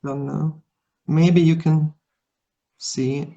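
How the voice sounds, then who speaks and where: A man's voice: a little high, level tone, takes it slowly, gravelly, mellow, muffled recording. A man whose first language is Hungarian, co-hosting a casual English-learning chat on a live stream, often repeating his words and laughing.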